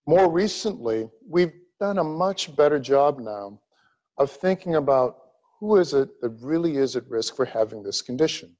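A middle-aged man from Louisiana giving a grand rounds medical lecture, emphatic and deliberate in his pacing. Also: on the high side, lively intonation, a little mellow, lo-fi sound. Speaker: cardiology lecturer.

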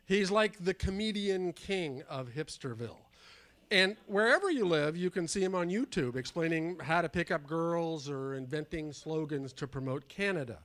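A man hosting a live radio show, giving a measured, scripted introduction on stage. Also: fairly high pitch, animated, fairly bright tone. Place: live performance space on stage.

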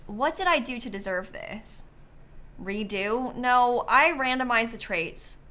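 A woman's voice: fairly high pitch, slow, pushed and bright. A woman streamer chatting casually while she plays a life-sim game, thinking aloud and sounding a little sleepy. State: sleepy, yawning. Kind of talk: casual gameplay commentary.

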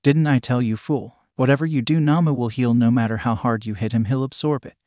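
A man's voice: mid-range voice, fairly even intonation, a little fast, a little mellow, no echo, clean studio sound, lightly acted. A man reading as a gloating, taunting villain. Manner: taunting, gleeful.

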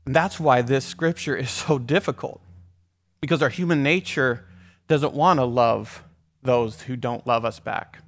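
Man preaching a conversational sermon. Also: mid-range voice. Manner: conversational preaching with asides and restarts. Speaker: pastor.

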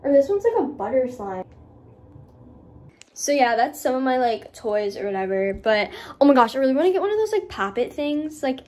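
A woman's voice: high voice, sing-song, normal speed, warm tone. A young woman vlogging in a casual, giggly, rambling way, full of fillers, filmed on a handheld camera at home and out on a night walk. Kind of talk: casual vlog chat.

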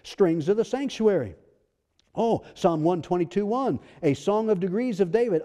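A man's voice: on the high side, lively intonation, fairly quick, warm tone. A male pastor delivering a sermon, building emphasis with rhetorical questions and quoted scripture. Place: church sanctuary. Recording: long church-hall reverb.

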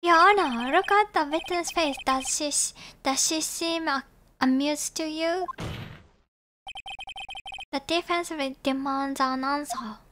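A woman's voice: sits high, takes it slowly, a bit bright, a little hiss or hum. A woman reading as an earnest young defense lawyer. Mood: accusing. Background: background music.

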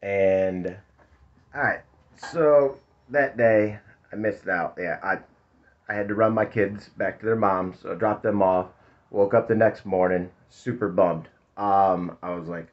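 A man, telling a rambling, profane story in casual vlog chat. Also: low-pitched. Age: 50s. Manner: rambling, laid-back, profane. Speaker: vlogger. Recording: dull lo-fi sound.

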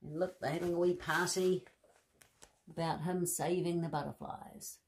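A woman reading a bedtime story aloud to children, expressive, with soft gasps and friendly asides. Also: lowish voice, moderate pace, a little hiss or hum.

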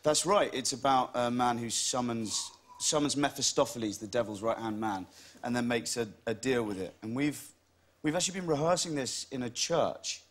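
Actor bloke chatting on a tv sofa, middle-pitched voice, easygoing, keeps restarting words. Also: male voice, moderate pace. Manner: good-humoured, restarts words, self-deprecating. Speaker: actor guest. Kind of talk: chat show interview. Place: TV studio with audience.

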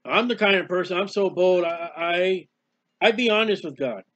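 A man giving a personal devotional talk as a preacher, emotional and halting, sometimes crying out in prayer. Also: sits high, a bit bright, no room sound, muffled recording.

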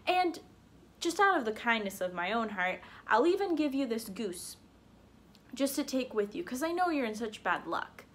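A woman's voice: a little high, sing-song, moderate pace, a bit bright. A woman voicing a sly young man who stammers as he spins a scheme in a folktale. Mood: scheming.

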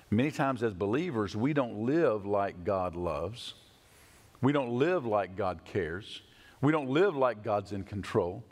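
Animated preacher in an echoing hall. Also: male voice. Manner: dramatic, voices quoted figures with pitch swings. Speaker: pastor. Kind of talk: sermon. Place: church sanctuary.

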